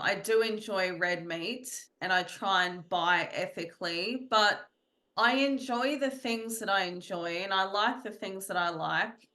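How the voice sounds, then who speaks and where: A woman's voice: mid-range voice, pushed and bright. A woman guest in an interview, speaking earnestly about her spiritual teachings and often repeating phrases. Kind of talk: reflective conversational interview.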